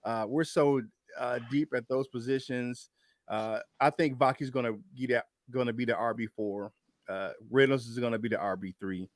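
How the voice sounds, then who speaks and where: Excitable male podcast host, dry sound. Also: mid-range voice, moderate pace, no echo. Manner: loose and excitable, laughing between points. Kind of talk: casual sports podcast chat.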